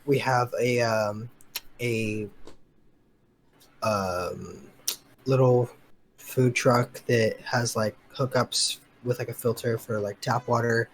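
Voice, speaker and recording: A man's voice: medium pitch, fairly even intonation, slow, long pauses, a little hiss or hum. Laid-back young man rambling on a podcast call. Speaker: podcast co-host. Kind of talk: casual chat. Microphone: remote voice call.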